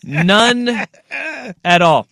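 A male radio host with a fairly high, lively voice that swings up and down, rambling playfully through stories in easygoing banter. The studio sound is dry and close-miked. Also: very slow, no echo. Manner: animated, playful, rambling storytelling. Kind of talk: casual radio chat.

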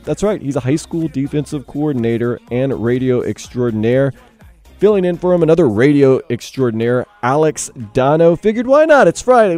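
Young male radio host, mellow tone, dry studio sound, energetic promo patter, playful pitch jumps. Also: no echo. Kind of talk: upbeat sports radio promo.

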